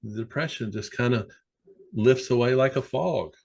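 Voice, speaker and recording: A man's voice: medium pitch, moderate pace, creaky, slightly rough. Man telling stories as a guest. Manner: animated, anecdotal, many fillers. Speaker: sports psychologist guest. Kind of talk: conversational storytelling.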